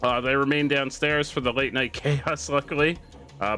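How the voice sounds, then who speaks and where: A man streaming a video game, talking casually with his viewers, excitable and swearing freely as he plays. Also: medium pitch, moderate pace, soft background music. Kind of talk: casual livestream commentary while gaming.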